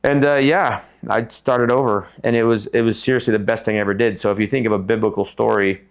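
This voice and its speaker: A middle-aged man from Tucson, a podcast guest telling stories in an animated way and acting out the people in them. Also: lowish voice, quick pace, gravelly, clean tone. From Tucson, Arizona. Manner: animated, acts out voices in his stories. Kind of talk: casual storytelling interview.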